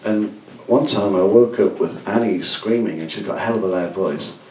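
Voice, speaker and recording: At a gallery event for a book, a musician gives a casual talk to an audience, telling rambling anecdotes and laughing along the way. His lowish voice is a little mellow at a moderate pace. The recording is of an echoey room, captured from far off.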